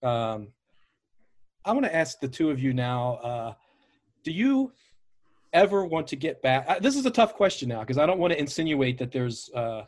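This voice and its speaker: A man's voice: on the high side, sing-song, normal speed. A man hosting a casual podcast interview, asking long rambling questions with plenty of fillers. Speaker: podcast host.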